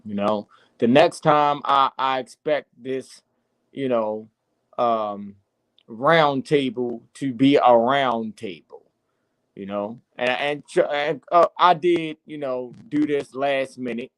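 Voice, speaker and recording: A man hosting his own podcast, talking casually and then preaching hard, with swearing and shouts. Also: medium pitch, slow, no room sound, poor audio. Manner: preachy, rising to impassioned shouting and cursing. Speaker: podcast host.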